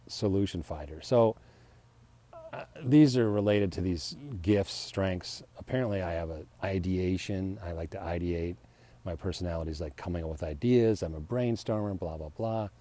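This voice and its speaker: Deep-voiced man rambling and self-deprecating. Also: warm tone. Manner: acts out heated retorts, laughs often. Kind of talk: rambling personal reflection.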